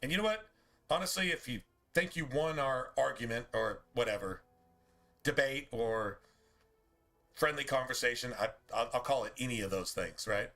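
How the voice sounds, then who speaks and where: A man's voice: mid-range voice, expressive, normal speed, pushed and bright. A man streaming a game, talking in a casual, profane, preachy rant full of rhetorical questions.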